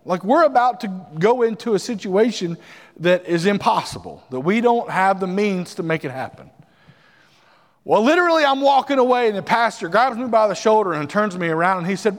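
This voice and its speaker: A man, a missionary, telling a personal story to a congregation, animated and quoting others as he goes. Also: high-pitched, fairly quick, long reverb tail. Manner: animated testimony, quotes others in voices. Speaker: missionary speaker. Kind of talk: sermon storytelling.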